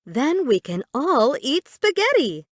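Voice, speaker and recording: A woman voicing a kind, patient mother in a children's storybook, speaking gently and evenly. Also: high-pitched, very animated, takes it slowly, no room sound, clean studio sound, full character voice. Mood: gentle.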